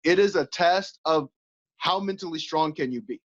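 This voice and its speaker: A man with a high voice talks as an interview guest, lively and animated, slipping into little acted-out voices. The audio is dull and lo-fi. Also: moderate pace. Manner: animated, acts out inner voices with laughs. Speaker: podcast guest, coach and former fighter. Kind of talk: casual interview chat.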